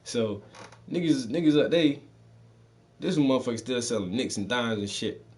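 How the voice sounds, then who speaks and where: A man's voice: mid-range voice, expressive, normal speed, darkish tone. Profane, laid-back storyteller man with a Southern-Northern mix. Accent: mixed Southern and Northern US. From Southern United States. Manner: loose, profane street slang with frequent laughs. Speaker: podcast host telling stories. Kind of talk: casual storytelling.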